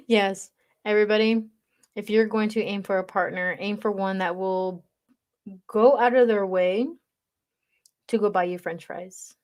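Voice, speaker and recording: A woman's voice: medium pitch, steady tone, slow, pauses often, a little mellow. A woman chatting casually with viewers on a livestream, teasing them and reading their comments aloud. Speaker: livestream reader.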